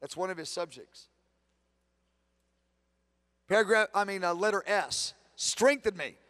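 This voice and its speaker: A man teaching a conference session on prayer, earnest, moving between hushed prayer and emphatic preaching, often repeating himself. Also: sits high, a little slow, clear, resonant tone. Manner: repeats words, self-corrects.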